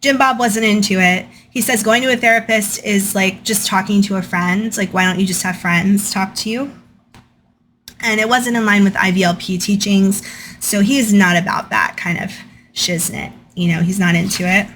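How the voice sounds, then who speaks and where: Casting: young woman host, chatty storytime reader, mid-pitched voice, conversational fillers. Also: steady tone, normal speed, a bit bright, slight background noise. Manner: chatty, frequent "like" and "um". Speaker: channel host. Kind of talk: casual storytime commentary, reading from a book.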